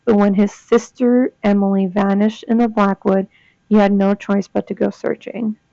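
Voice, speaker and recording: A woman's voice: medium pitch, little pitch movement, normal speed, vocal fry, mellow, no echo. A young woman reading ghost stories aloud and chatting between them, reacting with gasps and comments. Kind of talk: casual reading with asides. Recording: dull lo-fi dry sound.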